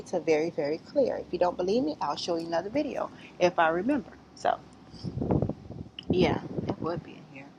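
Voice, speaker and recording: A woman's voice: on the low side, slight background noise, rough recording. A woman giving blunt, rambling spiritual advice in a casual vlog, outdoors among trees. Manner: rambling, blunt and profane, lively. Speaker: spiritual vlogger.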